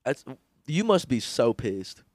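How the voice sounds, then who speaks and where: A man in a casual podcast chat, laid-back and quick to swear. His mid-pitched voice rises and falls a lot. He is close on a podcast mic in a dry room. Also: very animated, a little mellow, no room sound. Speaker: podcast co-host. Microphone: studio podcast mic.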